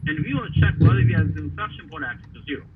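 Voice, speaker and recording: A man teaching a math lesson, talking haltingly with many fillers and quizzing the class. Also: high voice, wildly swooping pitch, distant mic. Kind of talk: classroom lecture at a board. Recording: faraway voice over a tinny, noisy line.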